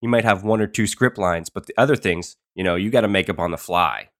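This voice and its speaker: A man hosting a casual podcast, explaining eagerly as game master in quick bursts. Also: deep voice, no echo, studio quality.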